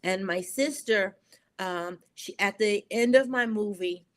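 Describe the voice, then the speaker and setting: An earnest woman speaking as an interview guest, her voice pitched in an ordinary middle range. She tells her stories with feeling, pausing on fillers as she gathers her thoughts. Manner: earnest, emotional, halting with fillers. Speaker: guest, poet and filmmaker. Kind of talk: storytelling interview talk.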